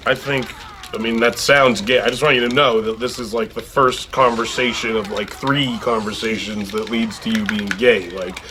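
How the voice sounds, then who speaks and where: A man's voice: medium pitch, fairly even intonation, normal speed, noisy background, close to an everyday voice. An actor playing a teasing young man. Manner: mocking, teasing. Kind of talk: film comedy dialogue. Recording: film clip with background ambience.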